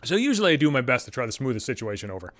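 A young adult man telling stories in a blunt, profane, animated podcast rant. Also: mid-range voice, very fast, no echo. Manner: blunt, heavy swearing, animated. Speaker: podcast host.

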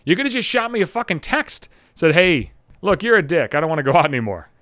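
A man's voice: fairly high pitch, sing-song, quick pace, fairly bright tone, no room sound, studio quality. A young adult man hosting a podcast, telling a rambling, swear-filled story in an exasperated way. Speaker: podcast host. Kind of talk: profane storytelling monologue.

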